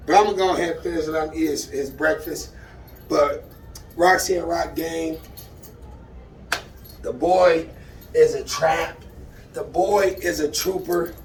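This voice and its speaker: A man who trains dogs, vlogging as he works with his puppy, talking straight to viewers and swinging from calm explaining to loud excited bursts. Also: a little high, a little slow, pauses often, roomy sound, recorded from a distance, noisy background. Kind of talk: excited casual vlog while training a dog. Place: outdoors in a dog enclosure.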